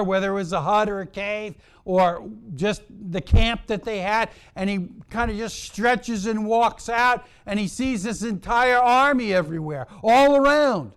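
A man preaching a sermon, telling a story in a deliberate, emphatic and dramatic way. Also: high voice, smooth. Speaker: pastor.

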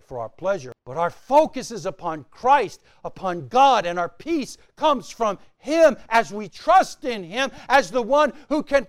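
A pastor preaching a sermon, swinging between loud emphatic lines and quiet dropped phrases, repeating key words for emphasis. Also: male voice, sits high, no room sound, clean studio sound.

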